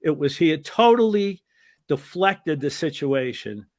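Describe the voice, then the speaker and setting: A man's voice: on the high side, a little slow, no room sound, clean studio sound. An older man, a former wrestling referee, telling rambling anecdotes as an interview guest, often restarting his sentences. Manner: rambling anecdotal storyteller with restarts, lively when telling the punchline. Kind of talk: casual storytelling interview.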